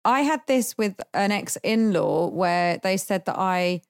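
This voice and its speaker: A woman hosting a podcast interview, chatting frankly, swearing freely and cracking dark jokes. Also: medium pitch, measured pace, clear, resonant tone. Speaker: podcast host. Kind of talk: casual conversational interview.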